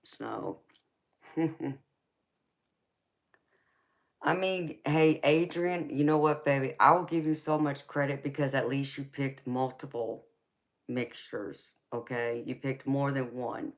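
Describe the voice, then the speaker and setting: A slow-talking woman with a Southern accent from Georgia, hosting a live tarot stream. She chats easily with viewers, calling them honey and baby, and laughs often. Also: a bass voice. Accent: Southern American. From Georgia, United States.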